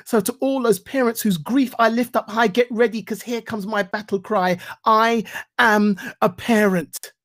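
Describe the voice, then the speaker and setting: A man giving a reflective talk and reciting spoken-word poetry in an earnest, rhythmic way with deliberate pauses. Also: sits high, fairly even intonation, fairly bright tone. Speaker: guest speaker.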